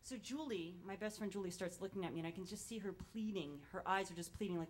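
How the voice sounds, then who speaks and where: A woman telling a first-person story live on stage in a casual, animated and profane way. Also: mid-range voice, quick pace, hardly any pauses, slight background noise.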